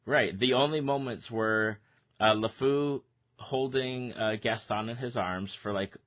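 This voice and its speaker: A man hosting a podcast, chatting casually about a film in an easygoing way with "uh" pauses. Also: medium pitch, muffled recording. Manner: conversational, agreeable, with "uh" pauses. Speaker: podcast host. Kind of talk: casual movie review chat.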